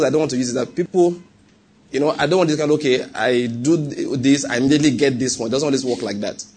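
With a mid-range voice and a breathy edge, a Nigerian-accented man preaches and relates a personal story. He speaks conversationally, regularly asking if the congregation is keeping up.

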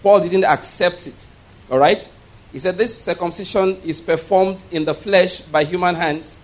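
A male pastor preaching, reading scripture slowly with emphasis and having the congregation repeat key words. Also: high voice. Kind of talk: sermon. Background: congregation responding.

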